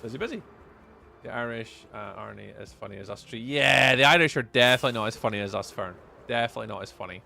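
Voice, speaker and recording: Chatty Scottish young man, gravelly voice. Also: medium pitch, fast, sharp tone. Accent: Scottish, Edinburgh area. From Scotland. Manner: chatty, reads chat aloud, repeats phrases. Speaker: livestreamer. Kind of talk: casual live-stream chat while playing.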